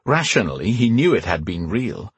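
Husky, low-voiced male narrator. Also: very animated, moderate pace, dry recording. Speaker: audiobook narrator. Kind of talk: scripted narration.

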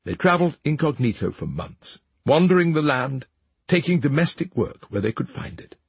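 A man reads a fairy tale aloud with expressive, dramatic timing. His voice is deeply husky and breathy, and it rises and falls animatedly. The sound is dry and close. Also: moderate pace, no room sound. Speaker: narrator. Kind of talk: storybook narration.

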